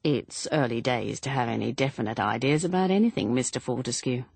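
A woman voicing a calm, polite police inspector who speaks pleasantly and noncommittally. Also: very deep voice, fairly quick, gravelly, slightly rough, no room sound, full character voice.

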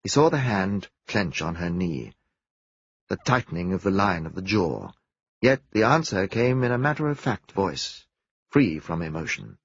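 A male audiobook narrator with a low, gravelly voice and a husky texture, reading in a steady, animated storytelling manner. The recording is dry and slightly muffled. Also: normal speed, no room sound. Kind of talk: scripted narration.

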